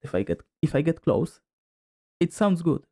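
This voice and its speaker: A man's voice: fairly high pitch, big pitch swings, moderate pace, vocal fry, dark tone. A male streamer chatting casually while testing his desk microphone, rambling with lots of fillers and drifting closer to and farther from the mic. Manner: rambling, filler-heavy, moves toward and away from the mic. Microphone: desk microphone, distance shifting.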